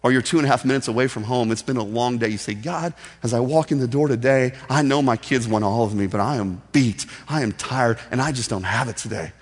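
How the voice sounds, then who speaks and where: A man's voice: mid-range voice, a little fast, few pauses, slightly rough. A man preaching a sermon in an earnest, conversational way, acting out simple prayers. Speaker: pastor. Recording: long hall reverb.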